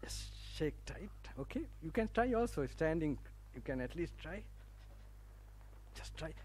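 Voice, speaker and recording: A man's voice: on the high side, sing-song, a little slow, darkish tone, slight background noise, poor audio. A man from Sri Lanka speaking English with a Sri Lankan accent, a Buddhist monk giving a Dhamma talk to an audience on a campus. He talks chattily and informally, laughs often and restarts broken phrases as he guides listeners through relaxation. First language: Sinhala. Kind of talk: sermon with guided relaxation instructions. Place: university campus hall, live audience.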